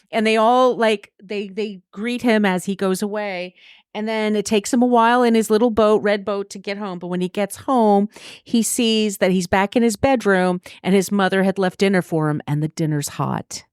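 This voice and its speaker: A woman's voice: medium pitch, smooth, no room sound, studio quality. A woman in a casual book discussion, chatty and laughing often as she retells the story.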